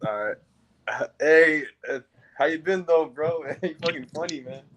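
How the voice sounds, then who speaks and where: A man joining a livestream by remote call, chatting in an easygoing, slangy way with a very quiet mic. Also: a little high, moderate pace, no echo, lo-fi sound. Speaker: call-in guest. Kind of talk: casual chat on a call.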